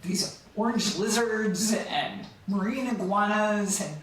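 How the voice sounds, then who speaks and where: A middle-aged woman chatting as a guest, eager and quick to laugh, with sentences that drift off. Her voice sits far from the mic in a very echoey room. A faint hiss runs underneath. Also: medium pitch. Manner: enthusiastic, laughs often, trails off mid-sentence. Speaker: podcast guest. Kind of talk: casual chat.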